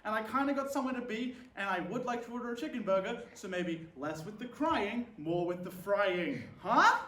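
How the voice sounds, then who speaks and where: A man doing a stand-up comedy monologue, full of sardonic, dark deadpan humor. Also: high voice, a little hiss or hum. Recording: roomy sound from a distant mic with faint ambience.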